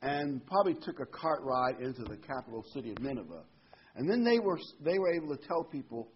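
A male preacher teaching an informal Bible lesson in an easy, meandering way, stopping now and then to read scripture aloud. His voice sits at an ordinary male pitch. The recording is dull and lo-fi, with a faint hiss behind it. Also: lively intonation, brisk. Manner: conversational and digressive, reads scripture aloud.

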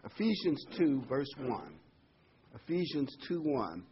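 A man's voice: mid-range voice, sing-song, takes it slowly, dull audio, slight background noise. A man preaching a folksy, rambling sermon full of homely examples and corny jokes.

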